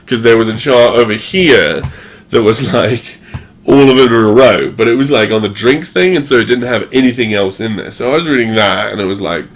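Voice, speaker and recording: A man's voice: mid-range voice, a little fast. A man in his forties, tipsy from drinking, rambling profanely through a casual livestream monologue and chuckling between thoughts. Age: 40s. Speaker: livestream host.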